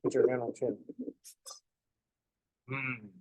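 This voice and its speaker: A man's voice: mid-range voice, steady tone, slow, a little mellow, no echo. A man, a math professor, lecturing a class in a joking, conversational way. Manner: joking, conversational, acts out students' thinking noises.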